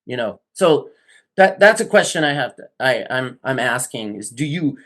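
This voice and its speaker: Male podcast co-host, mid-pitched voice, musing and questioning, casual discussion. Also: lively intonation, normal speed, a bit bright. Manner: thinks aloud, questioning, chains loose clauses.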